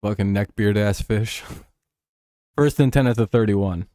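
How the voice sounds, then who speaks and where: Watching football on a casual livestream, a young host jokes, swears and laughs frequently. He speaks a little slowly in a warm, lowish voice, and the audio is clean studio sound without echo.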